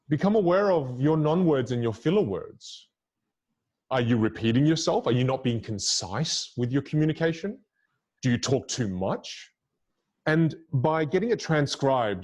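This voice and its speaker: A man's voice: medium pitch, a little mellow. A man as a podcast guest explaining communication techniques in an emphatic, instructive way. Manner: emphatic, instructive, varies melody and pauses. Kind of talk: podcast interview.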